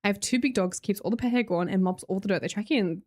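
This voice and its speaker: A woman's voice: mid-range voice, fast, darkish tone. An Australian woman streamer in casual live-stream chat, reading viewer messages aloud, chatty and laughing often.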